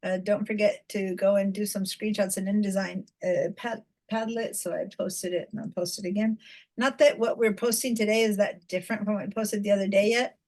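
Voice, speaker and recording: Woman instructor on a video call, chatty, lots of ums, easy middle pitch. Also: steady tone, fairly quick, a little mellow, poor audio. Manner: chatty, many fillers and restarts. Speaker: design instructor. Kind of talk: online class teaching. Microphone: computer mic on video call.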